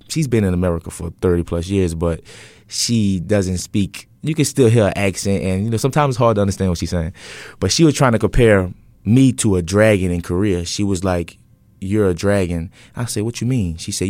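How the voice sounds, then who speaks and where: As an interview guest, a twenty-something entrepreneur recounts his own story in a very low, darkish voice. His manner is casual and earnest, full of filler pauses and restarted sentences, and the audio is dry and close to the mic.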